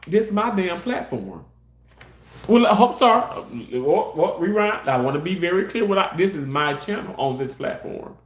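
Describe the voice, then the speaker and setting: In an echoey room, a live-stream content creator with a high male voice launches into a casual rant. He's passionate and heated, cursing and repeating himself.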